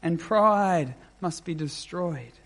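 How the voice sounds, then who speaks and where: A man delivering a sermon with a fairly high voice and an unhurried pace. He preaches in a measured, emphatic way, pausing deliberately between phrases. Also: animated, fairly bright tone. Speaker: pastor.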